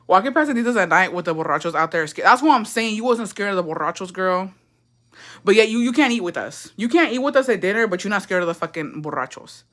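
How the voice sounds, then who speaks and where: Bright-voiced young woman telling gossip. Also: fairly low pitch, animated, fast talker. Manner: profane, gossipy, laughing storyteller; mixes Spanish phrases into English. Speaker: livestream host. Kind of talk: casual storytime chat.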